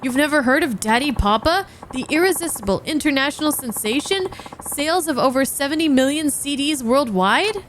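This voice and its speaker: A courteous male secretary and bodyguard, read by a woman in a high, clear voice. He is formal and measured, with a faint hum underneath. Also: lively intonation, fairly bright tone. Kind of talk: reading game dialogue aloud.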